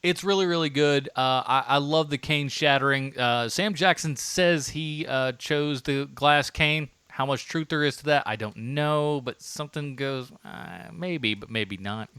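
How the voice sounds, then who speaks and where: A man chats casually on a movie podcast, his voice bright and close to the mic with no room sound. He stops and restarts often and laughs easily. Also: on the high side, clear, resonant tone, no room sound. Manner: halting, many restarts and fillers, laughs often. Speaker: podcast co-host. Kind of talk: casual movie-review chat.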